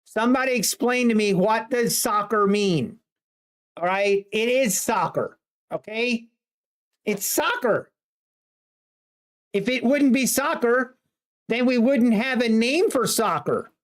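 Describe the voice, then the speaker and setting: A woman's voice: a little high, measured pace. A woman streamer chatting casually to her viewers, ranting in mock exasperation. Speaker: livestreamer. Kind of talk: casual livestream chat.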